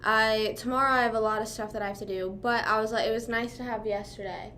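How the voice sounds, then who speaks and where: A woman's voice: fairly high pitch, steady tone, fast, bright, forceful tone, a little hiss or hum. A young woman from Pennsylvania chatting casually on a livestream, rambling with lots of "like" and "you know what I mean," sometimes talking while chewing. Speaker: streamer.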